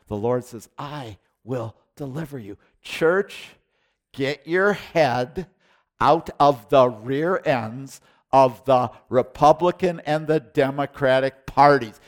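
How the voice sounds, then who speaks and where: A man preaching an expository sermon, with halting restarts and sudden emphatic bursts between quieter explanations. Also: fairly high pitch. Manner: halting restarts, repeated words. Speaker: pastor.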